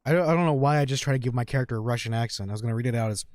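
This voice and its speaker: A man co-hosting a let's play, chatting and joking quickly while reading game lines aloud. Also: medium pitch, a little mellow, no echo, clean studio sound. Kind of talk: casual gaming chat.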